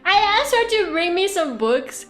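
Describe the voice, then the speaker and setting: A young Russian-speaking VTuber plays a game and chats casually in an echoey room, rambling through stories with lots of laughter and animation. Her voice is very high and her pace measured, with faint music in the background.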